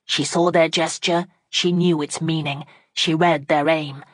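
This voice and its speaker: A woman narrating an audiobook in a steady, dramatic storytelling manner on a close microphone. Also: low voice, a little slow, dry recording. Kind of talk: scripted narration.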